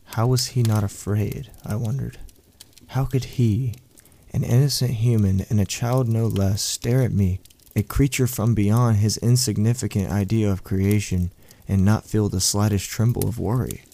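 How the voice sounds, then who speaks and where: A man reading a first-person horror story aloud as a storyteller, in a slow, brooding way. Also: fairly low pitch, fairly even intonation, creaky, mellow.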